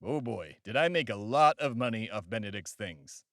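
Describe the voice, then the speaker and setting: A man's voice: on the low side, lively intonation, normal speed, a bit bright, dry recording, clean studio sound. A man hosting a comedy podcast in a pompous, boastful, crude comic persona.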